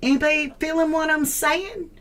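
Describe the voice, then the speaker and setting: A woman's voice: sits high, moderate pace, fairly bright tone. A woman hosting a true crime livestream, puzzling aloud in casual chat and greeting viewers by name.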